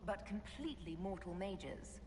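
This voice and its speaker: An actress voicing a thoughtful woman leader in a video game, speaking in a measured way. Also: mid-range voice, animated, a little mellow, slight background noise, natural voice. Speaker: player character. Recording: echoey game audio with ambience.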